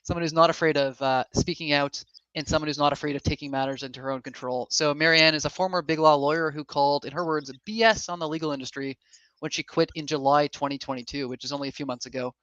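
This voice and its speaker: A man hosting a live online summit, talking quickly in a chatty, self-correcting way. His voice comes through a muffled, lo-fi mic with a very dry sound and no room echo. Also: a little high, steady tone, a bit bright, smooth. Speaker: summit host.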